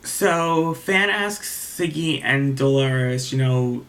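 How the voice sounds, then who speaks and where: A man's voice: mid-range voice, takes it slowly, a bit bright. A man recapping a reality show episode in a casual, rambling way, retelling what the cast said and openly taking sides, with many ums and restarts.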